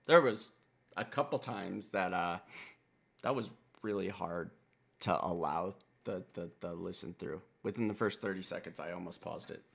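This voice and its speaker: A man's voice: fairly low pitch, gravelly. A man from Wisconsin hosting a music reaction channel, talking in a rambling, laid-back way with plenty of swearing. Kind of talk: casual reaction commentary.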